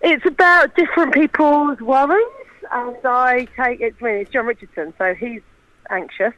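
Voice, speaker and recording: A woman's voice: high voice, dull audio. A woman from Portsmouth, a comedian guest, chatting casually with dry, playful jokes. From Portsmouth, England. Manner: dry, playful, quick to joke. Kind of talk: casual chat.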